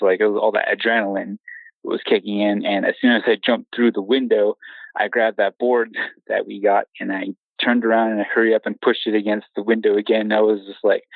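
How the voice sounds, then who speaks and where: A man's voice: lowish voice, vocal fry, dry recording. A young man telling his own scary encounter story in a rambling way, stumbling over restarts and laughing nervously. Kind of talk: casual storytelling. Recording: tinny phone line.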